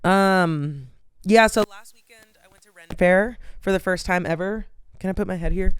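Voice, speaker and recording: A tired young woman yawns her way through a casual solo podcast chat as host, rambling with lots of "like" and "um." Her voice is lowish, clear and resonant, at a moderate pace.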